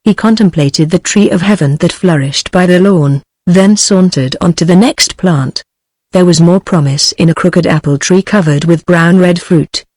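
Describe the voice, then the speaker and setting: A synthetic woman's voice with a British accent giving a text-to-speech narration of a story, in an even, flat delivery. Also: lowish voice, normal speed, no echo.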